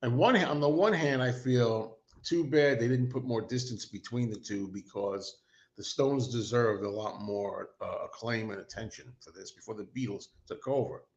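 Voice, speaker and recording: A man's voice: mid-range voice, moderate pace, dull audio. A man hosting a casual livestream, rambling and self-deprecating, talking as an enthusiastic fan. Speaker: host.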